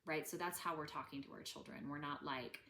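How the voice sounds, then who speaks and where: A woman in her thirties teaching about healing trauma in a gentle, conversational way, with many fillers. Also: sits low, fairly even intonation, fairly quick, creaky, roomy sound, a little hiss or hum. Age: 30s. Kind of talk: casual teaching talk.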